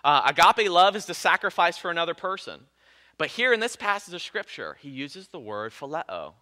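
A male pastor preaching a sermon in a lively, conversational way, with self-deprecating jokes. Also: on the high side, normal speed.

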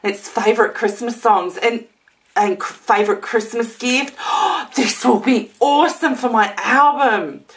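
A woman's voice: fairly high pitch, unhurried. Gushing, gasping woman. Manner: gushing, gasping, exclaiming often. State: teary, emotional. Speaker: vlogger opening a gift swap. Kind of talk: casual unboxing vlog.

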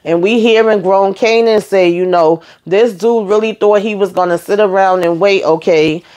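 A woman hosting her own TV show recap, talking in a sassy, animated way straight to her viewers. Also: mid-range voice, normal speed. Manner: animated, sassy, talks to viewers as y'all and honey. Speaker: TV recap host. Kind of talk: casual recap chat.

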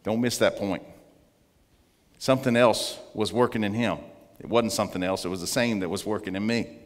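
A man giving an earnest testimony as a guest speaker in church, slowing down to stress his points. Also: lowish voice. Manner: earnest storytelling, slowing for emphasis. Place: church sanctuary. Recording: long church reverb.

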